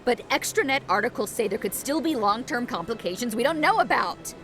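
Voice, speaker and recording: A woman's voice: a little high, expressive, a little fast, fairly bright tone, soft background music. An actress voicing an anxious young mother in a game who refuses gene therapy for her baby, speaking defensively and pleadingly. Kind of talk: video game voice acting.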